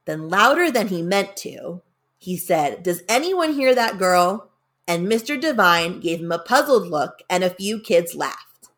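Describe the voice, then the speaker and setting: A woman's voice: lowish voice, expressive, a little slow, a bit bright. A woman narrating a spooky story in a casual, conversational way, shifting tenses and leaning into the dramatic moments.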